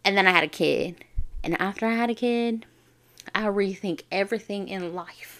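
A woman from the Navajo Nation, hosting a vlog and telling funny personal stories in a lively, slangy way. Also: mid-range voice, normal speed. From Navajo Nation, US Southwest. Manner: animated, slangy, acts out quotes. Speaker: vlogger host. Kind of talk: casual comedic storytelling.

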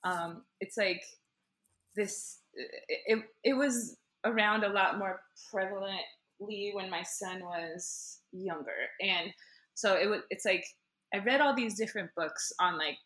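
A woman's voice: medium pitch, slow, a bit bright. A woman in her thirties chatting as a podcast guest, rambling and giggly with many fillers. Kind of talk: casual chat.

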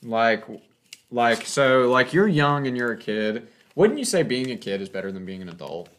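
A man's voice: medium pitch, expressive, moderate pace, fairly bright tone. A young man chatting casually at home, rambling with lots of filler words. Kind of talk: casual chat. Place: home room with a cat. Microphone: desk mic.

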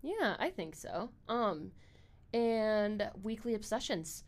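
A young woman hosting a casual chat show, her voice sitting mid-range for a woman. She rambles on with a steady run of "like"s and casual swearing. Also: medium pitch, slow. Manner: rambling, filler-heavy with many "like"s, swears freely. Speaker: podcast host.

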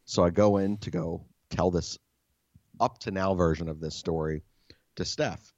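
A man casually telling a story as a podcast host, animated and exasperated, swearing often. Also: low voice, measured pace, no room sound, lo-fi sound.

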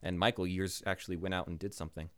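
Deep-voiced young man, joking podcast banter. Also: level tone, fast talker, a bit bright. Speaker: podcast co-host. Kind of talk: casual chat.

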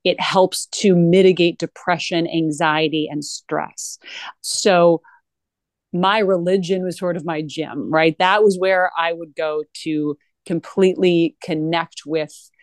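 A woman's voice: lowish voice, slow, no echo. A woman guest talking earnestly in a conversational interview, with frequent restarts. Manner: earnest, animated, with many restarts.

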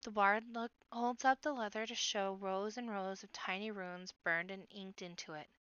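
A woman hosting a read-aloud and narrating a children's book in a lively, expressive way. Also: mid-range voice, moderate pace, smooth, dry recording, dull audio. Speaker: host reading a book aloud.

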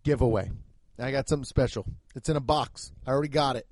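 A man's voice: medium pitch, fast talker, a little mellow, no room sound, clean studio sound. A man hosting a solo comedy podcast, ranting and rambling with heavy profanity. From United States. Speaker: podcast host.

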